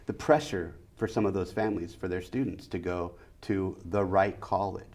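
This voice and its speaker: A man's voice: sits low, fairly even intonation, moderate pace, darkish tone. A middle-aged man, a school superintendent, answering interview questions emphatically and repeating key phrases.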